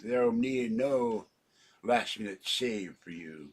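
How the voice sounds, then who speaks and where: An older man putting on a scheming, gloating movie villain, slow and theatrical, with a husky voice. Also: on the low side, animated.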